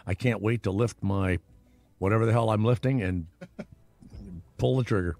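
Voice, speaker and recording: A man's voice: on the low side, normal speed, creaky, long pauses, a little mellow, dry recording. A middle-aged man hosting a morning radio show, rambling and sarcastic, with lots of restarts and asides.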